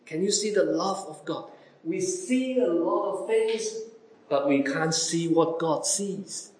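Slow-speaking preacher man, echoey room. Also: expressive. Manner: repeated rhetorical questions to listeners, wide dramatic swings in pitch and loudness. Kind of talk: sermon.

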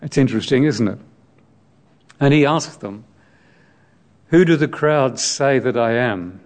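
A man's voice: mid-range voice, animated, measured pace. A man preaching a sermon on scripture, reflective and explaining the text, asking his listeners direct questions.

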